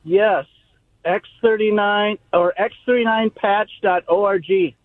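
A man's voice: high-pitched, fairly even intonation, a little slow, no room sound. A man calling in to a radio talk show, joking in an easygoing way. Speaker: caller. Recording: tinny phone line.

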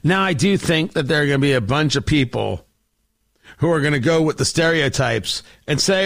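A man's voice: on the high side, normal speed, gravelly, fairly bright tone. A man hosting a political commentary show, delivering an opinionated monologue with sarcasm and theatrical asides to his audience.

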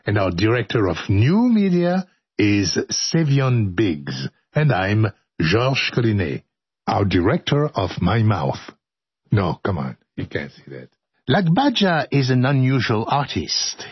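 A husky-voiced man reads radio script and keeps breaking into jokes and bits of song. His pitch swings widely as he banters. The sound is dry and a little dull, close in a studio. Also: no room sound. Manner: playful, joking, breaks into laughter and singing. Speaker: radio host. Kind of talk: outtakes of scripted radio narration.

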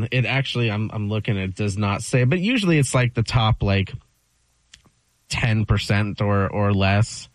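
This is a man chiming in from the side of a chat show and explaining in a hesitant way. His voice is lowish and the sound is dry. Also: animated, a little slow, no room sound, rough recording. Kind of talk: casual chat.

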